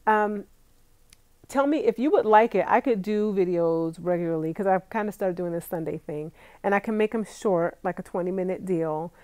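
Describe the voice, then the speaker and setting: A young woman vlogger talks casually to her viewers, reading out live comments and laughing easily along the way. Her voice sits in a middle pitch range, and the sound is dry and close, with no room echo. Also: moderate pace, dark tone. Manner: chatty, laughs often, talks straight to viewers. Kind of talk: casual live-stream chat.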